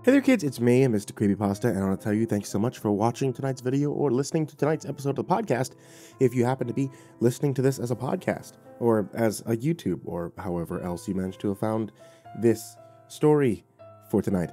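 A man narrating a horror story and hosting his channel, slowing to a dramatic hush on key lines. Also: mid-range voice, animated, faint music behind.

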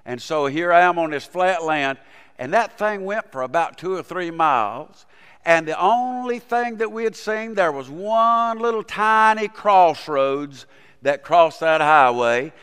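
Folksy preacher in a church. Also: male voice, on the high side, lively intonation, measured pace, a bit bright, clean tone. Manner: folksy storytelling, rising to fervent preaching. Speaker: pastor. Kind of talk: sermon. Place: church sanctuary. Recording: reverberant church hall.

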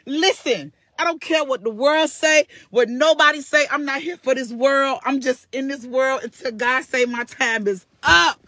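Husky woman, laughing through tears. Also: sits high, normal speed, hardly any pauses, a bit bright, no echo. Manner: laughing and crying, fervent, preacherly. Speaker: vlogger. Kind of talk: emotional testimony to followers.

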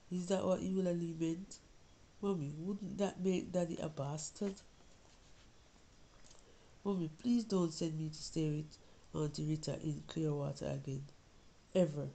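A woman's voice: low voice, warm tone, rough recording. A woman reading a story as an anxious young Jamaican girl, confiding and pleading with her mother. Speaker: reader of a short story.

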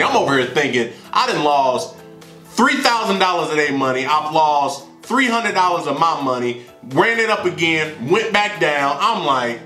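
Young man, storytime vlog, high lively voice, slangy, echoey room. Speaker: vlogger. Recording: roomy with faint music.

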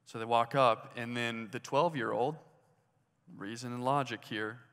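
A man delivers a sermon at an unhurried pace, stopping often to put questions to his listeners. His voice sits in the middle of the male range. A long reverb from a large hall trails every phrase. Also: medium pitch, fairly bright tone. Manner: conversational, asks the listeners questions. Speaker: preacher.

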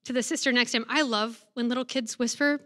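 A woman, a religious sister, giving a faith talk to students. She reads scripture slowly and reverently and tells stories playfully. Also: on the high side, steady tone, fairly bright tone, no echo.

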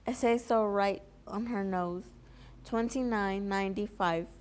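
A pushy male shop cashier from a picture book who insists on being paid, read by a young woman. He is given a middling pitch and the plain voice of a reader. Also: a little slow, natural voice. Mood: insistent.

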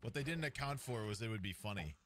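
A man's voice: fairly low pitch, animated, fast, a bit bright. A young man chatting over a game with friends, making dry, teasing remarks. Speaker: fellow player. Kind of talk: casual gaming chat.

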